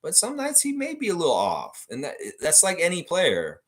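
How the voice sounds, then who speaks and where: Speaking high and at a moderate pace, a male fan channel host rants through his livestream. He reads comments from viewers, curses freely and stays animated while addressing them head-on.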